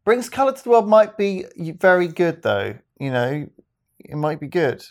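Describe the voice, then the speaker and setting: A man's voice: on the high side, very animated, normal speed. A man co-hosting a podcast, chatting casually in a rambling, hesitant, easygoing way. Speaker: podcast co-host. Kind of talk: casual chat.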